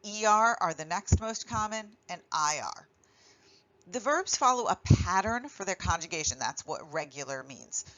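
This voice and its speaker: Lower-voiced woman teaching Spanish verbs. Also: animated, a bit bright, dull audio. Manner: clear, deliberate, stresses each verb ending. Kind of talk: classroom grammar lesson.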